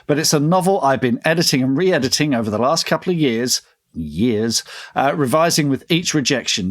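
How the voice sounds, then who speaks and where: A man co-hosting a podcast, reading book blurbs and listener news with encouragement. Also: a little high. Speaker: podcast co-host.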